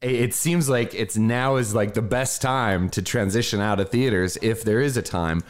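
A man hosting a panel, asking questions in a relaxed conversational way. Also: fairly low pitch, normal speed. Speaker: host. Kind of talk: interview questions.

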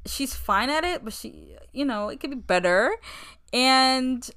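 Female co-host, bright and crisp, easygoing rambling chatter with a joking edge. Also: high voice, lively intonation, a little slow. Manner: joking, rambling, laughs often. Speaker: podcast co-host. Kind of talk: casual chat. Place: at home.

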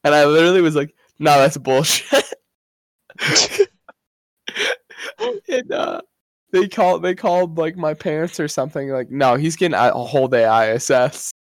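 A man's voice: a little high, normal speed, no room sound, studio quality. A young man co-hosting a podcast, rambling through a school story in casual, profane chat. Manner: profane, rambling, repeats himself. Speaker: podcast co-host.

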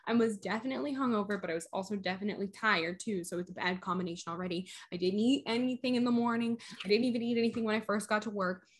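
A young woman with a medium-pitched voice chats casually on a podcast, a little tipsy, rambling through a story and laughing often. She talks fast with few pauses.

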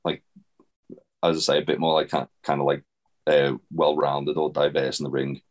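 A man's rumbling low voice, with little pitch movement and normal speed, comes through lo-fi sound as he co-hosts a wrestling recap podcast. The chat is rambling and casual, with free swearing and plenty of fillers.

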